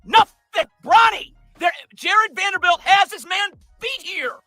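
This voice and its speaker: A man breaking down basketball game film, profane and exasperated, often yelling at the player on screen. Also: very high-pitched, measured pace, faint music behind. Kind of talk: heated film breakdown commentary.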